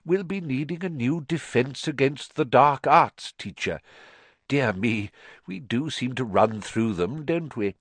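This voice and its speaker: A calm, kindly old wizard headmaster, soft and unhurried, his words drawn out with gentle thought. A man voices him in a storybook reading, close and dry, the pitch rising and falling freely. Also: no echo.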